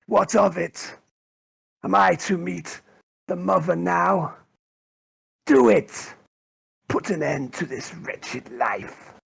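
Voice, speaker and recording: A man's voice: high voice, slow pace, creaky, pauses often, a bit bright, slightly rough, voice pushed up, exaggerated voice. A man voicing a stooped, bitter male mutant with a huge claw in a tabletop game. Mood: defiant.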